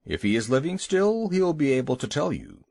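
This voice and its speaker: A man voicing a grumpy, bloated old male walrus in a storybook, with a gruff, sleepy grumble. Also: a little high, big pitch swings, moderate pace, a little mellow, no room sound, clean studio sound.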